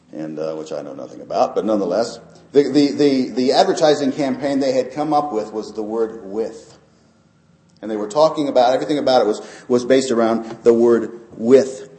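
A man's voice: on the low side, mellow. A man preaching a sermon as pastor, talking earnestly and building up to emphatic peaks. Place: church sanctuary. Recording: echoey church sanctuary.

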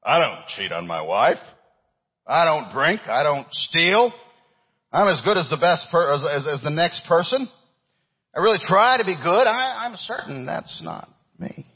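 A man's voice: a little high, animated, brisk, breathy edge, in a large hall, lo-fi sound, pitched above the performer's own voice. A preacher playing a defensive churchgoer man. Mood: protesting. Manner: protesting, insistent. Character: self-assured male churchgoer, defensive.

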